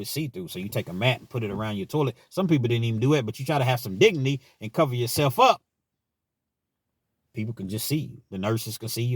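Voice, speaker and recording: Low-pitched Kentucky man, dry close sound, casually recounting prison life in a frank way. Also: dry recording. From Richmond, Kentucky, US. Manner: laid-back, frank, often ending phrases with "man". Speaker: channel host telling prison stories. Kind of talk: casual storytelling monologue.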